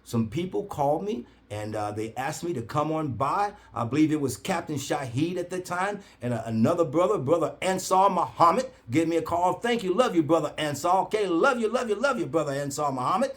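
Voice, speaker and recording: A man telling an animated story in a preacher-like cadence, acting out quoted voices with big jumps in pitch. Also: fairly quick, hardly any pauses. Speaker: herbal oil seller.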